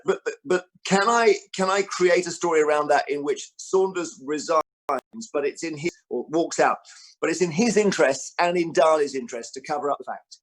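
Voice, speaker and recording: Animated male author telling stories. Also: mid-range voice. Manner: animated storyteller, acts out quotes; frequent restarts and fillers. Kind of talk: book festival interview talk.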